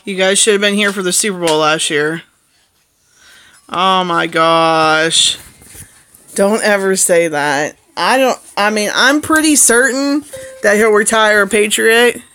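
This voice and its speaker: A woman vlogging casually to her viewers, rambling from one thought to the next in an excitable, jokey way. Her voice is bright and forward, sitting at an ordinary middle pitch. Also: normal speed. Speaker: family vlogger. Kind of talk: casual chat.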